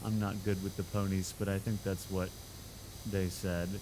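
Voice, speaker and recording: A man's voice: low voice, level tone, normal speed, noisy background. A man live streaming, chatting casually with his viewers in a playful, giggly way and laughing often.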